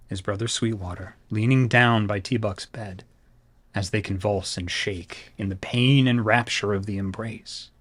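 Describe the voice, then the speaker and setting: A man narrating a tabletop horror game as storyteller, in slow, hushed descriptive narration. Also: fairly low pitch, slightly rough.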